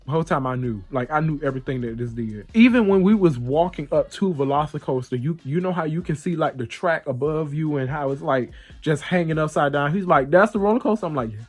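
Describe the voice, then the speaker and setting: A man's voice: a little high, a little fast, hardly any pauses, faint music behind. A man hosting a podcast, telling a story in a casual, playful way and acting out the voices of the people in it. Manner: animated, playful, acts out the voices in his stories. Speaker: podcast host.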